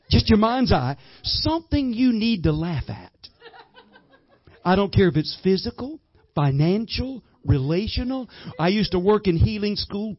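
A middle-aged man preaching a lively sermon, laughing often as he leads holy laughter. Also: high voice, no room sound, lo-fi sound. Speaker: guest minister. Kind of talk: Pentecostal-style sermon leading holy laughter.

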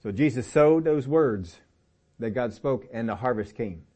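A middle-aged man preaching a sermon, telling personal stories in a relaxed, conversational way and often rising in pitch to press a point. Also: a little slow, lo-fi sound. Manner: conversational storytelling with lively pitch swings and laughs. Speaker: pastor.

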